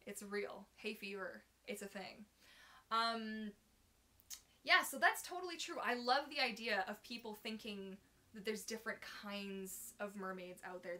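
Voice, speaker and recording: A woman's voice: mid-range voice, pushed and bright. A woman hosting a casual live question-and-answer stream, bubbly and chatty, talking into her phone at her computer. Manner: bubbly, chatty, fillers like "like" and "oh my gosh". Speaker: livestream host.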